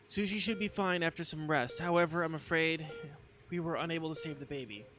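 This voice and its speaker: A man gives voice to a sympathetic hospital doctor in a story game, gentle and measured. The voice sits a little high, and music plays clearly underneath. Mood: somber. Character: calm, sympathetic hospital doctor giving bad news. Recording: music playing behind.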